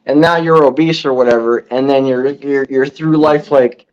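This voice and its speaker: A man's voice: mid-range voice, steady tone, moderate pace, darkish tone. A man co-hosting a podcast, talking reflectively and rambling, repeating words as he works out his point. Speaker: podcast co-host. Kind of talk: casual chat. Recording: dull lo-fi sound.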